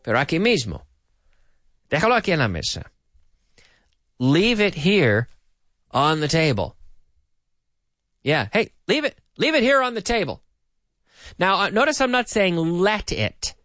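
A man hosts a radio language lesson with a fairly high voice that swoops up and down as he drills sentences. He repeats each line slowly and clearly for his listeners, close to a dry studio microphone. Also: big pitch swings, a bit bright, no room sound. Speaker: radio English teacher.

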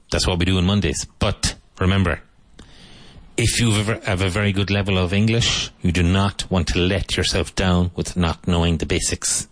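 A man teaching English on the radio, repeating each phrase slowly so learners can copy it. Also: low-pitched, no echo. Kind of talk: radio language lesson. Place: radio studio.

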